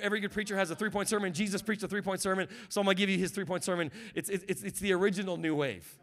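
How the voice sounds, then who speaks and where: A man preaching a sermon as guest pastor, building from quiet reflection to shouted fervor and calling on the congregation to respond. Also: high-pitched, fairly even intonation, racing, few pauses.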